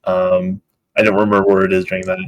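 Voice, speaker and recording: Man, lowish voice, dry close sound, laid-back co-host going down his notes. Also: quick pace, vocal fry, dry recording. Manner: relaxed, working through written notes, swears casually. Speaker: podcast co-host. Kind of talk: casual podcast chat.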